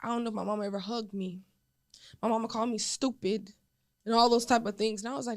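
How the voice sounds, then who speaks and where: A woman's voice: on the high side, fast. A young woman, a podcast guest, chatting casually and telling stories animatedly, acting out what people said. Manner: animated storyteller, acting out quotes.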